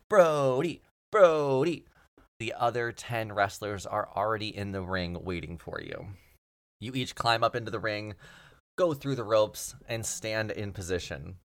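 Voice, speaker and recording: A man with a fairly low voice narrates as game master, setting scenes and explaining the rules. His delivery is relaxed and jokey, with the easy pace of a long-running game among friends.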